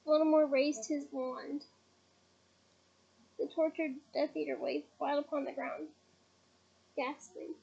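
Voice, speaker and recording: Woman reader, high mellow voice, unhurried, deliberate storytelling, dull lo-fi recording. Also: flat delivery. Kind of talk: audiobook reading.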